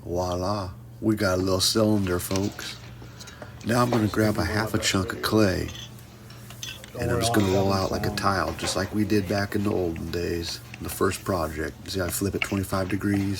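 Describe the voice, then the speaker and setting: A man's voice: low-pitched, fairly even intonation, normal speed, very noisy. A man teaching a pottery class in a casual hands-on demonstration, joking with his viewers as he works. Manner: playful, jokey asides addressed to "folks".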